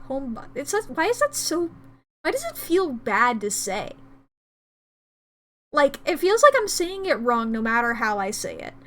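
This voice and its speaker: High-voiced giggly woman streamer. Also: fairly bright tone. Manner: giggly, rambling, humming to herself. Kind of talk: casual stream chat.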